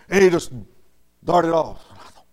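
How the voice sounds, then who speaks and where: A man preaching a storytelling sermon in a folksy way, dropping to soft murmurs and rising to loud, emphatic lines. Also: on the high side, animated, slow pace.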